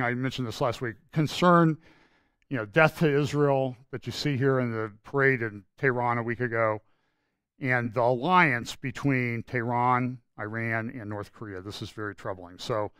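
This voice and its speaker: A man's voice: medium pitch, fairly bright tone, no room sound. A man giving a church prophecy update, reading quotes aloud between loose, unpolished asides. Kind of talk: church talk with read-out quotes and prayer.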